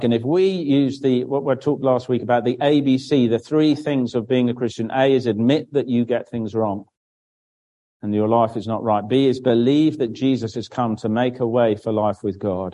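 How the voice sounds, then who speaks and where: A man's voice: mid-range voice, moderate pace, warm tone, low-quality recording. A man giving a children's Bible talk in church, explaining simply and asking questions that he then answers himself. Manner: draws on a board while speaking, with frequent restarts.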